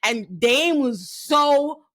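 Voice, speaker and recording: A woman hosting a podcast, chatting casually and laughing often. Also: high-pitched. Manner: animated, quick to laugh. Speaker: podcast host. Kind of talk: casual chat.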